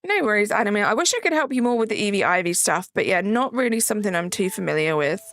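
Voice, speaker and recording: A woman's voice: mid-range voice, animated, fast talker, a bit bright, no room sound, studio quality. A woman with a Southern English accent, hosting a live stream in casual chat, greeting viewers by name and reading the chat aloud. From south of England.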